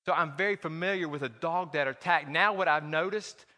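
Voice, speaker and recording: A man's voice: on the high side, fairly quick, sharp tone, in a large hall. A man preaching a sermon as a pastor, in a conversational, joking manner full of personal stories. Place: church.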